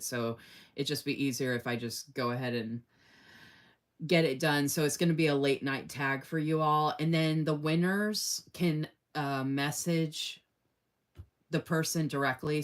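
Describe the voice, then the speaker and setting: A woman hosting a casual live stream, chatty and effusive, laughing often and reading viewer comments aloud. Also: low-pitched. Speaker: live-stream host running a giveaway.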